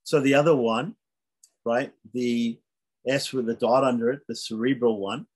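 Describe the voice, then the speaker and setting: A man teaches beginners how to pronounce Sanskrit letters. His voice is husky and sits at a middle pitch, and he patiently says each sound several times over so learners can catch it. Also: fairly even intonation. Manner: patient, repeats sounds slowly for demonstration. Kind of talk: beginner language lesson.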